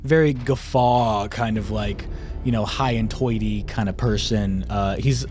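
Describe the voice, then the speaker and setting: A man's voice: lowish voice, a little slow, a little mellow, a little hiss or hum. A young man narrating as dungeon master in a tabletop game, rambling with fillers and restarts. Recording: faint music behind.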